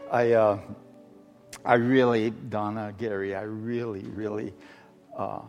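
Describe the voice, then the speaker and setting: A middle-aged man from Arizona, a guest preacher telling a story as a sermon testimony, halting, with many fillers and restarts. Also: medium pitch, creaky. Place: church sanctuary. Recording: long hall reverb with faint music.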